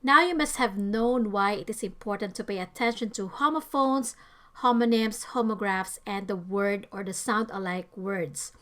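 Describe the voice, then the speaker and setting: A woman narrating a scripted English vocabulary lesson, giving careful, deliberate stress to each example word. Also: mid-range voice, sharp tone. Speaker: English teacher.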